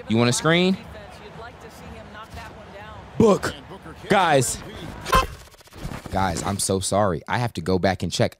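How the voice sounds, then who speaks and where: A gaming YouTuber with a lowish voice gives live commentary on his own basketball video game. He's slangy and full of trash talk, now and then breaking into excited yells.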